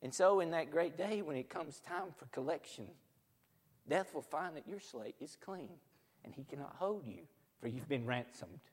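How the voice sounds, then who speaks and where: A man preaching a sermon, swinging from loud proclamation to hushed near-whispers, recorded in a church sanctuary. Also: on the high side, lively intonation, moderate pace, husky. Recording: long hall reverb.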